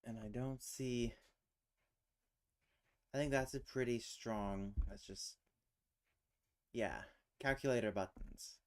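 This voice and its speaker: Male streamer, unhurried, thinks aloud in half-finished mumbles while puzzling. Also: mid-range voice, fairly even intonation. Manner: muttering, trailing off, self-questioning. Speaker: streamer hosting a casual language chat.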